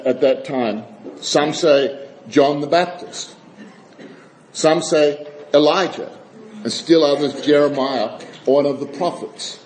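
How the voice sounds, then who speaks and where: A man preaching a sermon and reading scripture aloud, with frequent halting restarts and wry, chuckling asides. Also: a little high, darkish tone, slight background noise, low-quality recording.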